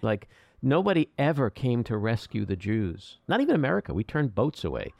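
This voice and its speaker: A man's voice: mid-range voice, very animated, brisk, vocal fry, a little mellow, no echo. A man hosting an interview, frank and opinionated, who grows heated as he makes his points. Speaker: interview host. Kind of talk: conversational interview.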